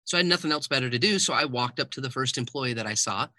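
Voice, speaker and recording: Male interview guest, lively storyteller, very bright tone, dry close sound. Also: medium pitch, fast talker, no echo. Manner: animated storyteller who acts out quoted dialogue. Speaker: guest, keynote speaker and author.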